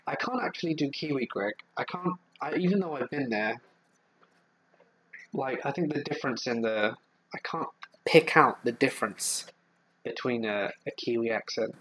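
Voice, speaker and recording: A man with a Southeast English accent hosting a casual live stream, reading viewer comments aloud and answering them in a relaxed, rambling way. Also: mid-range voice, moderate pace, slight background noise, rough recording. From England.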